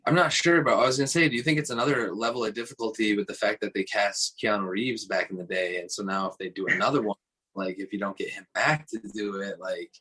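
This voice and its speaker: A man's voice: on the low side, fast talker, bright, forceful tone, husky, rough recording. A man who is a podcast guest, chatting casually, asking questions and laughing easily. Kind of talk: casual chat.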